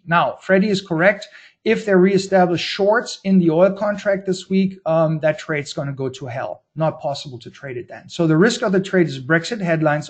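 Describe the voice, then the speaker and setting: A man hosting a trading webinar, talking through market charts in a brisk, blunt, informal way, with slang and frequent restarts. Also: fairly high pitch, a little mellow. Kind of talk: casual market-analysis webinar talk.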